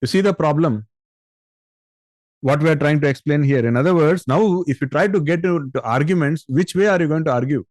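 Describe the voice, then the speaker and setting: A man teaches a spiritual lesson in a patient, explanatory way and often checks in with his listeners through rhetorical questions. His voice sits a little high for a man. The sound is dry and close, with no room echo. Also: brisk, a little mellow. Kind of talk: spiritual discourse on scripture.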